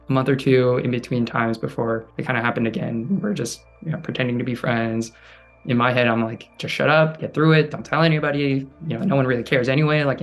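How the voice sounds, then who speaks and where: A man with an ordinary, mid-range voice tells a personal story as an interview guest. He speaks softly and haltingly, leaning on fillers and restarting his sentences. Faint music plays quietly behind him. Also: mid-range voice, creaky. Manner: halting, soft-spoken, many fillers.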